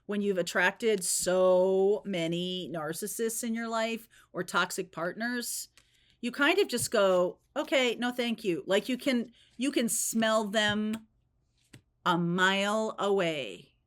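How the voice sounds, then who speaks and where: A woman's voice: mid-range voice, takes it slowly. A woman giving a spontaneous tarot reading, talking in a chatty, rambling way and often checking in with "okay?" and "right?". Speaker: tarot reader.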